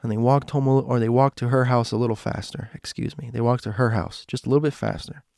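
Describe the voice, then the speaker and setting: A man recounting a story in a gravelly, easygoing voice at a middle pitch. He leans into dramatic pauses and hushed stretches for suspense, recorded close and dry. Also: steady tone, dry recording. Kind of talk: casual spoken storytelling.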